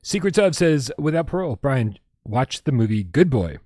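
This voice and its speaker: A man's voice: mid-range voice, very animated, normal speed, mellow, dry recording, studio quality. A man hosting a casual gaming livestream, reading viewer comments, laughing and swearing freely and often stumbling over his words. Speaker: podcast host.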